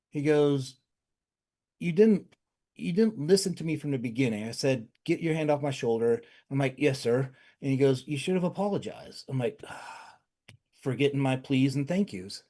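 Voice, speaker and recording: A male doctor in his forties shares stories from his practice in an easygoing, rambling way. His voice has a mellow, darker tone, and he pauses on fillers as he goes. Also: medium pitch. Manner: relaxed, anecdotal, with frequent fillers and restarts. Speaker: physician guest. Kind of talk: conversational storytelling interview.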